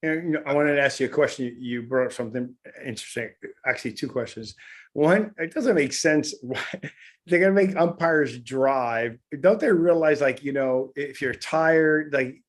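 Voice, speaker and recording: A man co-hosting a sports podcast, asking quick, rambling interview questions. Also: fairly high pitch. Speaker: podcast co-host.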